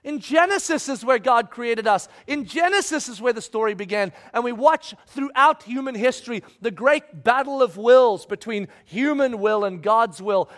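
High voiced guy preaching, big swings from loud pleading to quiet near whisper. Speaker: pastor. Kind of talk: sermon.

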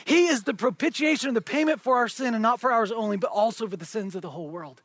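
A man preaching a sermon, moving between hushed, intimate asides and shouted, stretched-out emphasis. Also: very high-pitched, quick pace, no room sound, studio quality. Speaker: pastor.

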